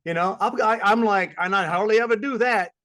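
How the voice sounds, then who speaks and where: A man's voice: sits high, fairly quick, fairly bright tone. Rambling man telling stories. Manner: rambling storyteller, acts out voices of people he met. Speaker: podcast co-host. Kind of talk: casual chat.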